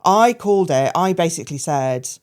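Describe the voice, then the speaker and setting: A woman, a podcast guest telling her personal story frankly, hesitant and full of fillers, with dark humour. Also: low voice, expressive, moderate pace.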